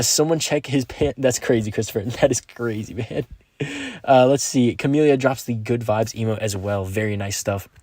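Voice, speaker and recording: A man's voice: medium pitch, a little mellow, no room sound, studio quality. A young man streaming a mobile game, chatting casually and upbeat with his viewers while he plays and reads their messages. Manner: laid-back, upbeat, slangy, talks to chat. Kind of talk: live-stream gameplay commentary and chat reading.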